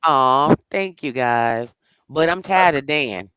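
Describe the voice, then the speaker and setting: A woman's voice: very deep voice, lively intonation, slow pace, a bit bright, smooth, no room sound, dull audio. A woman co-hosting a casual live stream chat, teasing playfully and laughing often while she packs things with tape. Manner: busy packing items with tape while talking.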